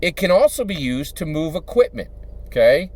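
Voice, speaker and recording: Husky and very animated, this Philadelphia man, a YouTuber and dungeon master, talks at a moderate pace in a slightly high, darkish voice. His casual monologue wanders, packed with fillers and repeated tags of "right?".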